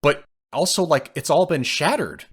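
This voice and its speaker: A man's voice: a little high, animated, moderate pace, slightly rough. A man co-hosting a podcast, casually retelling film scenes and acting out the quoted lines. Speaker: podcast co-host. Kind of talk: casual film review chat.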